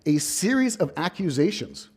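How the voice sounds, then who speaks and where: A man's voice: on the high side, sing-song, normal speed, darkish tone, slightly rough. A man, a visiting professor, giving an academic lecture in a lecture hall, telling history with storytelling emphasis and wry asides.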